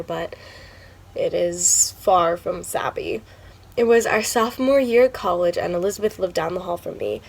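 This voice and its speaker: A woman's voice: mid-range voice, vocal fry. Teen girl playing a chatty wedding-toast friend. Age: teens. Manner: chatty, rambling storyteller. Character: cheerful young woman giving a wedding toast. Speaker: student actor. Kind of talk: stage monologue.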